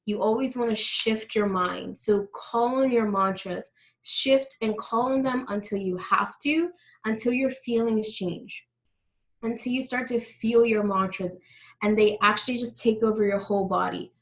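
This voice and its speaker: A woman's voice: fairly high pitch, measured pace, low-quality recording. A woman teaching a live online workshop on money mindset, explaining steps and speaking directly to her audience.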